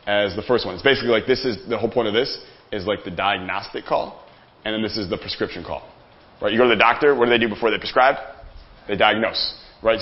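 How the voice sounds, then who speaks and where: Man, sales coach, live workshop, energetic, joking, mid pitch, dull lo-fi recording. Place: seminar room with a live audience.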